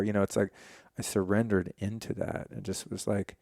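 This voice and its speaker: A man's voice: lowish voice, moderate pace, vocal fry, no room sound, clean studio sound. A man in his forties, a podcast guest, candidly telling a personal story in a casual, profane way. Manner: candid, profane, animated retelling.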